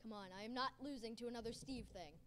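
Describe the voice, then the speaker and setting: A woman hosting a gaming channel, giving excited gameplay commentary and yelling, raging and cheering at the game. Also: a little high, quick pace, slight background noise.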